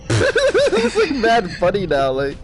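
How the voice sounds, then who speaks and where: A man in casual chat, animated and slangy, laughing often. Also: high voice, slow pace, over music. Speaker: podcast co-host.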